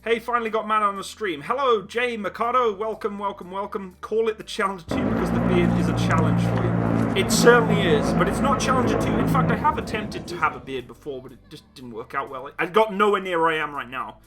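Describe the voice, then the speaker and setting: A man's voice: high-pitched, lively intonation, a little fast, loud music behind the voice. A young man hosting a casual live chat stream, reading out donations and laughing often at himself. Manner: laughs often, giggly and self-mocking. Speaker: livestream host reading donations.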